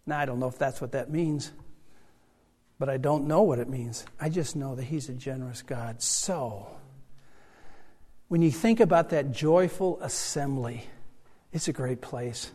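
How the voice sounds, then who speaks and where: Chatty older pastor in an echoing hall. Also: male voice, mid-range voice, unhurried, long pauses. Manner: chatty and animated, with self-deprecating humor. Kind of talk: storytelling sermon. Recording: reverberant hall sound.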